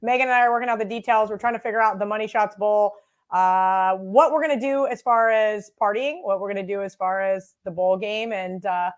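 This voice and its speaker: A woman's voice: mid-range voice, steady tone, a little fast, lo-fi sound. A young woman co-hosting a sports betting show, chatting casually, brash and self-mocking, swearing freely. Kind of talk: casual live sports chat. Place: home studio with green screen.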